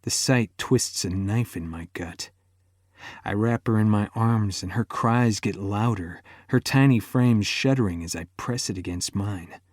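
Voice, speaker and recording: A man's voice: on the low side, a little slow, a little mellow, no room sound, clean studio sound. A man narrating a romance audiobook in the first person, intimate and emotive, sinking almost to a whisper in tender moments.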